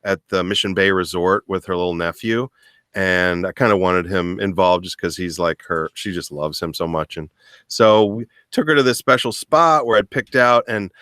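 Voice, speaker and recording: Low-voiced man telling a story. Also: normal speed, dry recording, clean studio sound. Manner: animated, acts out voices in his stories. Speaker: podcast co-host. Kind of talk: casual comedic storytelling.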